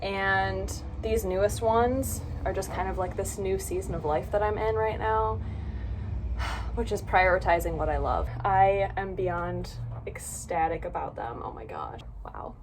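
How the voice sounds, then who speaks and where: A woman's voice: medium pitch, measured pace, background noise. Bubbly young woman gushing to camera. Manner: bubbly and gushing, lots of "like" and "oh my gosh". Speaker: book vlogger. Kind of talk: casual vlog chat.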